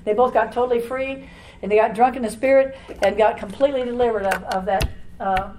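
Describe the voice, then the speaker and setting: Woman preacher, highish voice, rapid run-on sermon, echoey church room, faint ambience. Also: fairly even intonation, a little mellow, a little hiss or hum. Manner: fast, run-on talk with restarts and throat clearing. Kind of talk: charismatic sermon.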